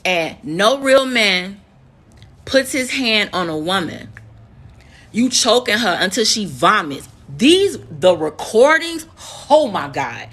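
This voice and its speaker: A woman's voice: mid-range voice, sharp tone, slightly rough. A woman in her thirties from the United States, a nurse, telling a heated, profane story to her viewers and repeating words for emphasis. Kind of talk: emotional storytime vlog.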